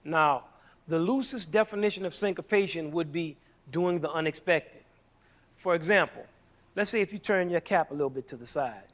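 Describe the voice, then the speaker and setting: A man's voice: fairly high pitch, a little fast, fairly bright tone. A man teaching music in a playful, jokey way, teasing his listeners and counting beats aloud. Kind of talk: playful explanatory lesson.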